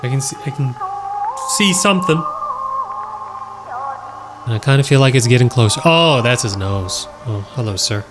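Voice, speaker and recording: A man giving excitable, joking commentary while playing a horror game, talking straight to his viewers. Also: mid-range voice, moderate pace, pauses often. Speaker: gaming YouTuber. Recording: loud game music underneath. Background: loud game music.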